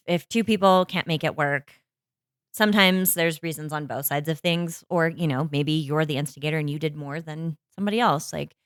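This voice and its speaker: A woman's voice: low voice, clean tone, no room sound, studio quality. A woman co-hosting a casual chat podcast, talking animatedly with frequent restarts. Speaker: podcast co-host.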